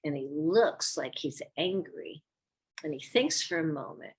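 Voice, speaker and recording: A woman's voice: sits low, unhurried, husky. Older woman telling ballet stories. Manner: animated storyteller, acts out quoted lines. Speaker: interview guest, former ballet dancer. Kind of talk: casual storytelling interview.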